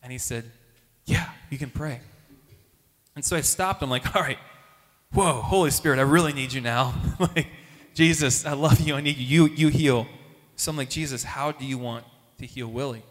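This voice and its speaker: His story is a lively faith testimony told at normal speed to a Catholic gathering, and he animatedly acts out the quoted voices with dramatic pitch jumps. A long reverb fills the hall.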